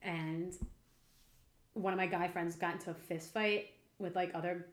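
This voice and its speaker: A woman's voice: on the low side, fairly even intonation, a little slow. A young adult woman telling stories in a brash, profane, casual way as a guest in a chat. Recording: echoey room.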